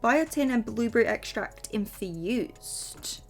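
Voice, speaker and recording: A woman's voice: on the high side, animated, slow, soft background music. A woman talking casually through a makeup tutorial, chatty and bubbly as she speaks straight to her viewers. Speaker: beauty vlogger.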